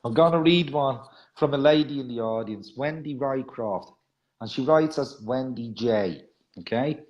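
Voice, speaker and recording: A male radio host who reads rhyming poems with softly trailing line ends, then chats in a self-mocking way between readings. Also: medium pitch, a little slow, muffled recording. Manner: soft, trailing ends of lines. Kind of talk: reading rhyming poetry and chatting.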